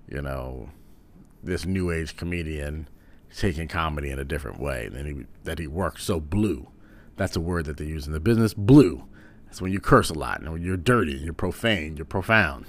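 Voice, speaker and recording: A man giving a casual commentary, rambling a little and filling pauses with "um". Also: very deep voice. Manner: rambling, with frequent "um"s.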